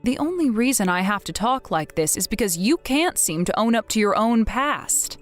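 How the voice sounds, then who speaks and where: A woman playing a blunt, widowed older mother who scolds her grown son in a measured, firm way, in a scripted text-message drama. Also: fairly high pitch, expressive, faint music behind, lightly acted. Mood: stern.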